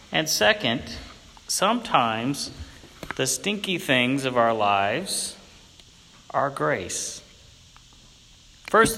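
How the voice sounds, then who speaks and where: A hoarse man preaches a sermon with a slow, deliberate cadence. His voice is bright and forward, and it carries a long church reverb over a faint room hum. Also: mid-range voice. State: hoarse from a cold.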